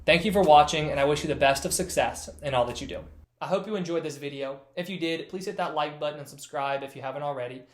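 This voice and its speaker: A man's voice: fairly high pitch, fast talker. A man explaining a mental strategy as a sports psychology coach, speaking plainly and directly with simple repeated phrases. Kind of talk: instructional talk to camera.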